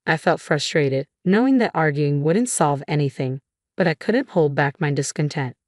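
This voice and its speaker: A woman reading a first-person drama story aloud in an even, measured scripted narration. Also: low-pitched, no echo, clean studio sound.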